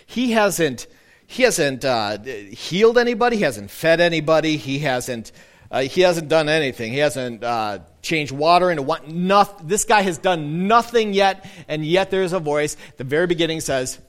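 A male pastor giving a casual, conversational sermon, slowing down and softening for quoted lines. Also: fairly high pitch. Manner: lively, conversational preaching with soft, slowed quoted lines.

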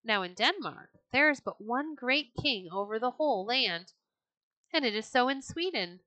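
A woman's voice: fairly high pitch, lively intonation, moderate pace, pushed and bright, no echo. A woman voicing a proud young Viking princess who speaks in a haughty, scornful way.

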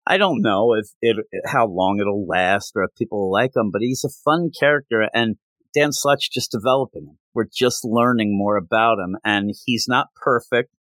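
A man hosting a podcast, chatting casually about comic books and retelling scenes with quick voiced quotes. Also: fairly low pitch, a bit bright, no room sound. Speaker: podcast host. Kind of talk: casual comic book review chat.

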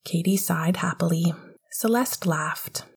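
A woman narrating an audiobook in a soft, half-whispered voice. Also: fairly low pitch, slow, vocal fry, slightly rough.

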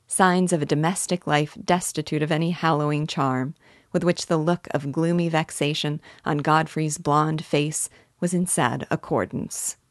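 Low-voiced woman reading a classic novel. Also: steady tone, unhurried, dry recording, studio quality. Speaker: narrator. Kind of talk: audiobook narration of a classic novel.

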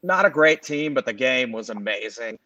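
Speaking at normal speed in a mid-range voice, a forty-something co-host of a sports podcast from around Los Angeles tells long, rambling, filler-laden stories with animated energy. The sound is muffled, with no room sound.

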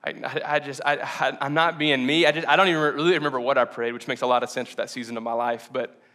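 Bright-voiced man preaching an earnest sermon. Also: medium pitch, fairly even intonation, quick pace. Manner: earnest and confessional, with self-conscious laughs and restarts. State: emotional, close to tears. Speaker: pastor.

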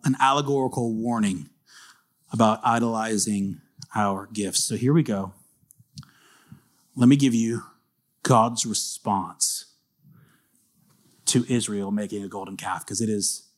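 A man preaching a sermon as pastor, chatting casually, then reading scripture slowly and building to shouted intensity. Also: medium pitch. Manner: reads scripture slowly and dramatically.

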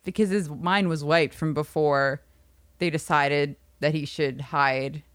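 A woman's voice: low voice, fairly even intonation, unhurried, no echo, clean studio sound. A woman co-hosting a podcast, chiming in with quips and laughter during a casual recap. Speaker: podcast co-host.

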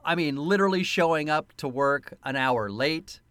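Fairly high-pitched and resonant, this man's voice comes through clear at a moderate pace with no room sound. As co-host of a casual film-review podcast, he tells animated anecdotes full of swearing and frequent laughter.

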